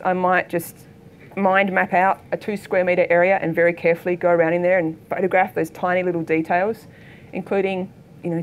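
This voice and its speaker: Australian woman, middle-aged, keynote speaker, animated storyteller, stage mic, faint background hum. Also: fairly low pitch. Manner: lively storytelling, acts out quoted voices. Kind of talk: presentation talk with anecdotes. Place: lecture hall.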